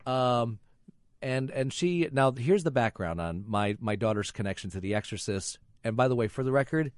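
A man's voice: mid-range voice, animated, moderate pace, dry recording, studio quality. A middle-aged man hosting, telling stories in a rambling, self-interrupting way with chuckles. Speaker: host. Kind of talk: casual chat.

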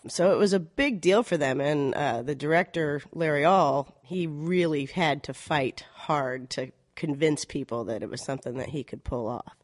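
Middle-aged woman director chatting, lively, laughs a lot, dry sound. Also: sits low, dry recording. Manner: animated, laughing storyteller who acts out quotes. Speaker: community theater director. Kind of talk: casual interview storytelling.

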